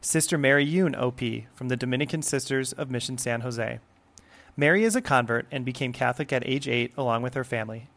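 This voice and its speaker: A man hosting and producing a podcast, reading guest introductions in a measured, formal way. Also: medium pitch, vocal fry, fairly bright tone. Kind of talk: scripted introduction.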